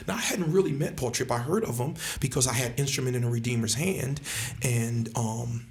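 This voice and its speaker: A man's voice: mid-range voice, brisk, hardly any pauses, husky. A man, a pastor and church planter, telling a story in a podcast conversation, laughing often and acting out the voices of people he quotes.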